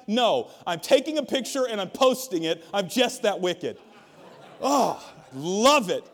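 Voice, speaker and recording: A male pastor preaching a sermon in a humorous, conversational way, asking the congregation questions. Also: high voice. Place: church auditorium. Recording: long reverb of a large hall.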